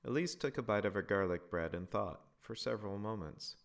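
A man narrating a family story in a lively, expressive reading. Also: lowish voice, brisk, gravelly.

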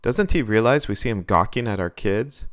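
A man's voice: on the low side, lively intonation, normal speed, no echo, studio quality, natural voice. A man reading the part of a big, blunt dad who confronts a stranger. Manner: blunt, brusque.

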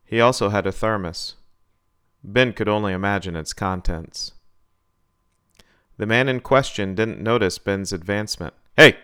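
A man hosting a storytelling show, reading a story aloud in calm, measured narration. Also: on the low side, clean tone. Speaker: storyteller host.

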